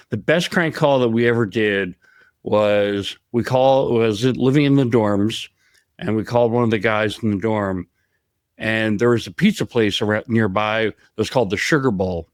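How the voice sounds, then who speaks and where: A man co-hosts a podcast in easy, unhurried chat. His voice is smooth and resonant and sounds dry and close. He tells his stories in a rambling way, often laughing along the way. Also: on the low side, no echo. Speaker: podcast co-host.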